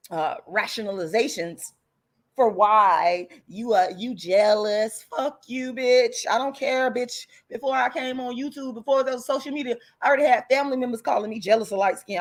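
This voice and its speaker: Fiery, profane woman ranting, fairly high voice. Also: normal speed. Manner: angry, profane and emphatic; blunt and defiant, with repeated insults. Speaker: channel host. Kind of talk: heated livestream rant to viewers.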